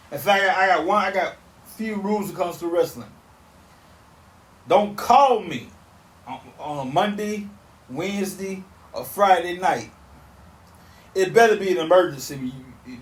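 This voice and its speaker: Man in his thirties, podcast host, emphatic repetitive rant, slightly high voice, roomy off-mic sound. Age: 30s. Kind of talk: casual solo rant. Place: back porch outdoors.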